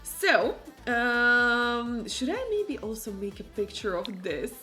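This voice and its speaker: Bright woman gaming streamer, chatty, lots of ums, soft music behind. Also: on the high side, lively intonation, slow. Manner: chatty, exclamatory, many fillers. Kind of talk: casual gameplay commentary. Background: faint game music.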